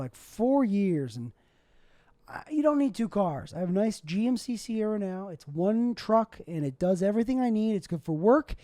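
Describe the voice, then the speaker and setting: A man's voice: high voice, warm tone, no echo, studio quality. A young man, a stand-up comic, hosting a solo podcast in a rambling, self-deprecating way. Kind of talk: casual solo podcast monologue.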